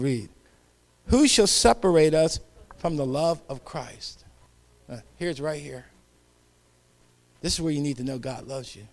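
High-voiced preacher with whispered hallelujahs. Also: male voice. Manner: call-and-response, swinging between loud calls and whispered hallelujahs. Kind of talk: sermon.

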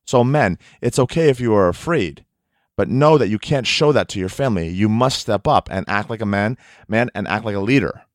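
A man preaching a sermon to men, earnest and exhorting, slowing down for emphatic phrases. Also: lowish voice, expressive, no echo, studio quality.

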